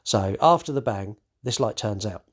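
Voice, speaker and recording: A man's voice: lowish voice, expressive, moderate pace, husky. A man hosting a podcast, recapping a horror movie in casual chat, swearing freely and stumbling over restarts. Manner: swears freely, acts out characters' lines; many fillers and restarts. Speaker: podcast host.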